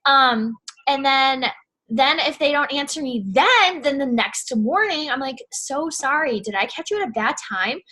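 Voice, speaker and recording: A woman's voice: sits high, lively intonation, measured pace, pushed and bright. A young woman casually giving sales advice in a chatty vlog, full of "like" and "you know what I'm saying". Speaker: network marketing seller.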